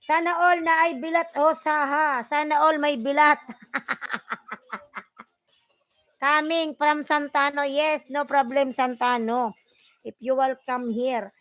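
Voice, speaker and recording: Loud Filipino woman vlogger giving shout-outs. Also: high-pitched, little pitch movement, a little slow, no echo, faint music behind. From Philippines. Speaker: livestream vlogger. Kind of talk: casual livestream chat reading comments.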